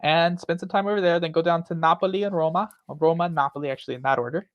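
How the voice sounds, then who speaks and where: Guy rambling on a stream, kinda high voice, dry close sound. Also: very fast, hardly any pauses, fairly bright tone, dry recording, lo-fi sound. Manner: rambling, chatty, laughs often. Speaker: host. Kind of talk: casual chat.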